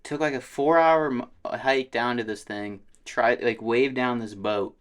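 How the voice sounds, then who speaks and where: A man's voice: mid-range voice, a little slow. A man co-hosting a podcast, telling stories in a laid-back casual chat and swearing a lot. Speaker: podcast co-host.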